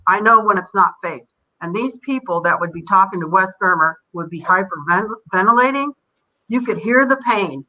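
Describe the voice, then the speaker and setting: An older woman tells her stories in a bright, forward voice. She rambles from one thing to the next and acts out the people she quotes. She talks as a guest on a casual podcast. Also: medium pitch, normal speed, rough recording. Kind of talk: casual interview storytelling.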